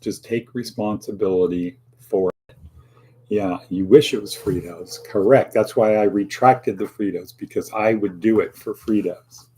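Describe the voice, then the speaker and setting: A man's voice: on the low side, a little slow, mellow, a little hiss or hum. A man hosting a casual daily motivational monologue, rambling with playful asides and acted-out quotes. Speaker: host of a daily motivational talk.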